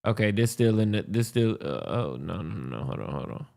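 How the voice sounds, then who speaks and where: A man's voice: fairly low pitch, sing-song, a little fast, vocal fry, darkish tone. A man hosting a podcast, reacting to a history video in casual, profane commentary, thinking aloud with restarts.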